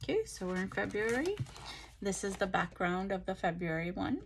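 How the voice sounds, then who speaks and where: A tired woman chatting casually through a craft haul, relaxed and full of ums and pauses, recorded on a phone. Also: medium pitch, creaky, breathy edge. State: tired, yawning. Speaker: craft vlogger. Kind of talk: casual show-and-tell chat.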